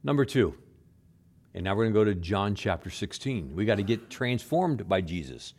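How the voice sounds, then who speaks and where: A man's voice: big pitch swings, normal speed. Man preaching with rising and falling emphasis. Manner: shifts between loud emphasis and quiet low asides, with repeated words; acts out quoted speech in a soft low voice. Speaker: pastor. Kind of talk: sermon.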